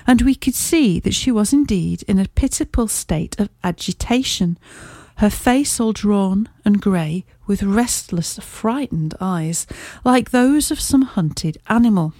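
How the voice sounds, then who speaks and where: A woman narrates a classic detective tale in a measured, even storytelling voice. Her tone is warm and mellow. The recording is close and dry, with no room sound. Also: mid-range voice, no room sound. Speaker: audiobook narrator. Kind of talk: scripted narration.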